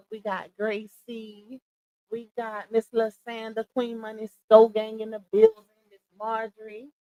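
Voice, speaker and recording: A woman with a voice on the high side hosts a casual livestream, greeting viewers by name and thanking them. She's chatty, giving warm shout-outs with laughs, on a dry, low-quality recording.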